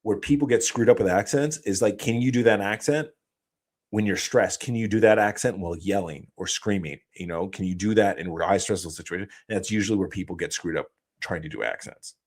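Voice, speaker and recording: Deep-voiced man explaining casually. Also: a little fast. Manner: casual, loose explanatory talk with fillers and restarts. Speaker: host. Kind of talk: live stream talk.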